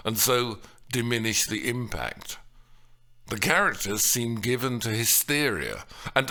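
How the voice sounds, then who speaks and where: A man delivers a scripted literary analysis at an unhurried pace. His voice is bright and clear, and his pitch moves widely as he stresses points. He reads in a measured, thoughtful way. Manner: measured, acts out quoted lines with raised voice.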